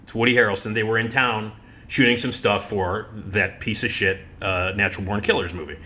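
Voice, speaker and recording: A middle-aged man spins stories in a casual monologue, with a bright, forceful voice. He swears freely and laughs at his own stories. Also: fairly low pitch, a little fast. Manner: animated, profane, laughs while telling stories. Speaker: radio host.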